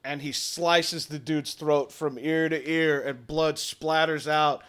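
A man with a bright, slightly high voice narrates as the game master of a tabletop game. He lays out the action plainly and descriptively, turn by turn. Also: fairly even intonation, slow, clean tone. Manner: descriptive, matter-of-fact scene narration.

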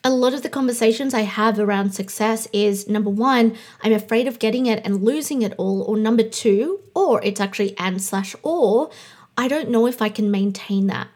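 A chatty woman of thirty hosts her own podcast, her voice sitting a little high. She speaks with a slight lisp and a bubbly, excitable energy. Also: moderate pace. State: slight lisp from new aligners. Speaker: podcast host and coach. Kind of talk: casual solo podcast chat.

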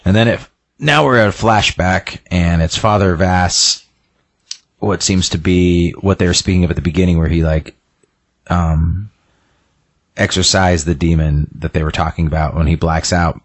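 A man's voice: low-pitched, steady tone, normal speed. A man casually retelling a game's story, rambling along with many fillers. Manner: rambling, lots of "he's like" and fillers. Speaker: game plot recapper.

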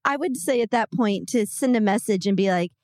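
A woman co-hosting a podcast, chatting casually and giving practical, calm advice. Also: mid-range voice, fairly quick, no room sound, studio quality. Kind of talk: casual chat.

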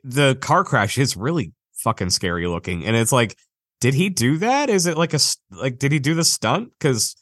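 A man's voice: medium pitch, very animated, normal speed, fairly bright tone, no echo, clean studio sound. A man co-hosting a podcast, joking and laughing often in casual chat about a film. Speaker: podcast co-host.

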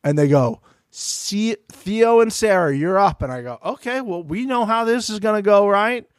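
A podcast co-host with a high voice recaps a reality show in casual chat at a moderate pace. He's animated, swears, and acts out what people said. The studio-quality audio has no echo.

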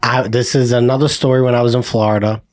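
A man co-hosting a podcast, telling a story in animated, profane casual banter. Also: mid-range voice, fast talker, dry recording, clean studio sound. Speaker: podcast co-host.

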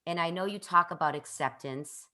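A woman's voice: fairly low pitch, moderate pace, pushed and bright. A woman hosting an interview, talking earnestly and at length, often restarting her sentences. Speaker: podcast host. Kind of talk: conversational interview.

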